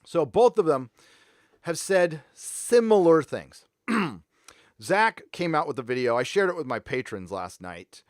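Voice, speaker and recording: Profane, blunt livestream host, dry sound. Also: male voice, a little high, sing-song, unhurried, no echo. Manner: blunt, profane, loosely rambling. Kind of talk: casual livestream rant.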